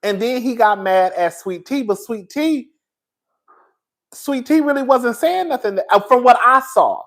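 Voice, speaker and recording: A man's voice: very high-pitched, unhurried. A man hosting a casual show, gossiping and laughing as he recaps reality TV drama. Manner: animated, gossipy, laughs a lot. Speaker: host.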